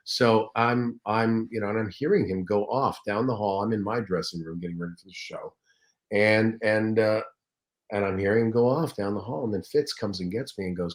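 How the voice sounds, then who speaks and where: A man, a comedian and voice actor, telling anecdotes as a guest in a casual interview, lively and animated. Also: on the low side, normal speed.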